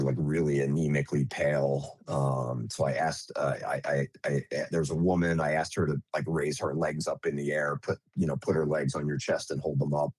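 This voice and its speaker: A man who is a nurse, recounting an emergency as an interview guest in a halting way, with many fillers and restarts. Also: a bass voice, a little mellow, slightly rough, no echo.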